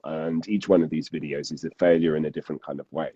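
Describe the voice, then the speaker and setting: A man's voice: a bass voice, fairly even intonation, fast talker, dark tone, husky, dull audio. A man, a narrator and podcast guest, talking casually and rambling, restarting sentences and laughing often.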